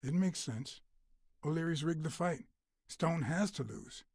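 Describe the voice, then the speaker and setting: An actor playing a grown male cat private detective in a video game, speaking calmly and deliberately with a husky voice. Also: fairly high pitch, dry recording, clean studio sound, full character voice. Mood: calm probing. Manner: calm, questioning, deliberate.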